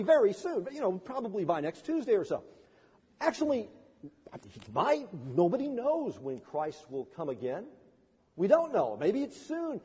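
A male pastor preaching a sermon in a church, swinging between soft and loud and acting out quoted voices. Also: breathy edge, in a large hall. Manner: preaching with wide swings in pitch and loudness, voicing quoted people.

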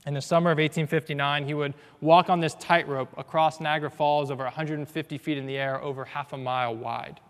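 Earnest preacher in a reverberant hall. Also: male voice, on the high side, steady tone, quick pace, hardly any pauses, clean tone. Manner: earnest, swings from hushed to loud and emphatic. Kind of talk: sermon. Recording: long reverb of a large hall.

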